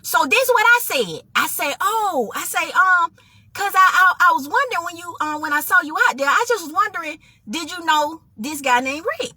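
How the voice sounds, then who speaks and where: Woman, storytelling testimony, very high voice, dry close sound, animated. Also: a little fast, dry recording. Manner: animated, addresses listeners as y'all; acts out both sides of a conversation.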